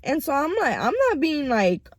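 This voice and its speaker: A young woman telling a storytime vlog in a loose, rambling way, full of swearing and fillers. Her voice is a bit high, and the sound is dry and close to the mic. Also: moderate pace, no echo. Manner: profane, rambling, animated retelling. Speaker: vlogger. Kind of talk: casual storytime chat. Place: home.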